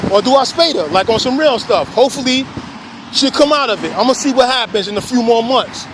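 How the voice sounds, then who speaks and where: A man with a notably high voice delivers an emphatic, profane rant as a dog breeder, peppering nearly every phrase with "yo" and "man." A faint hum of passing traffic sits under his voice. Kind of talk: casual unscripted rant.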